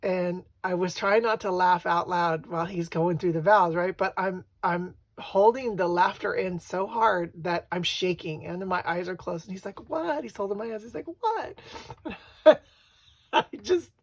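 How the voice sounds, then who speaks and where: Soft-spoken, low-voiced middle-aged woman. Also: steady tone, moderate pace, few pauses. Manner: soft, rambling, many fillers and restarts. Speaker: craft vlogger. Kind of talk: casual craft demonstration.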